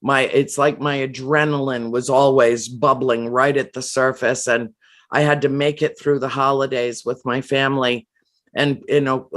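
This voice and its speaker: A woman guest telling a personal story in an earnest, emotional way, often pausing and restarting her sentences. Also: a bass voice. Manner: emotional, halting with frequent restarts and fillers.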